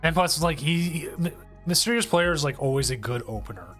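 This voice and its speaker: A man's voice: on the high side, brisk. Easygoing male co-host, casual stream banter with a lot of stops and starts, faint music underneath. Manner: relaxed, hesitant, repeats words. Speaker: stream co-host running the tournament.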